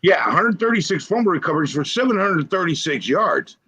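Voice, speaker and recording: A man co-hosting a casual sports podcast, telling stories in an animated way. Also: sits high, brisk, husky, poor audio. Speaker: podcast co-host.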